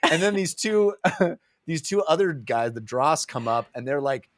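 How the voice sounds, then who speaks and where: A man's voice: on the high side, expressive, a little slow, no echo, clean studio sound. A man co-hosting a casual book-club podcast, acting out characters' lines in goofy voices as he recaps. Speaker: podcast co-host.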